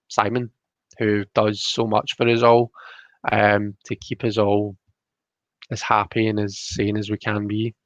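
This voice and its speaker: A man hosting a casual live stream, reading tarot cards and chatting with viewers. He talks fast and tends to mumble. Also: lowish voice, dry recording. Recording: dry, dull lo-fi sound.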